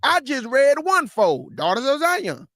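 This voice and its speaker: Very high-voiced man teaching scripture. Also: huge pitch swings, unhurried, pushed and bright, no echo, studio quality. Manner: conversational, rhetorical questions, slangy. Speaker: host and Bible teacher.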